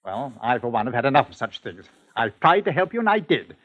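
An actor playing a firm, patient village masseur who calls himself a doctor, in measured 1940s radio acting from an old broadcast. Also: male voice, medium pitch, sing-song, narrow, tinny audio. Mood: calm. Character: calm, firm country masseur posing as doctor.

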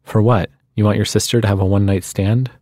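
A man reading the lines of a wry, restless adult woman in a short story, in a quiet, musing manner. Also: lowish voice, fairly even intonation, fast talker, no room sound, studio quality, natural voice.

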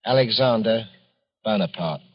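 An actor playing a timid, odd middle-aged lodger who talks hesitantly and apologetically, in 1940s radio acting style on a dull old broadcast. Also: male voice, on the low side, moderate pace, breathy edge. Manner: hesitant, apologetic, filled with uh's.

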